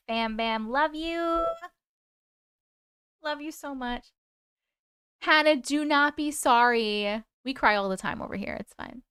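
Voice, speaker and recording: A woman reads viewer-submitted stories aloud on a live stream and chats with the audience between them. Her voice sits fairly high and sounds smooth and clear. The sound is dry and close, and she reacts to comments with open emotion. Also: a bit bright, dry recording.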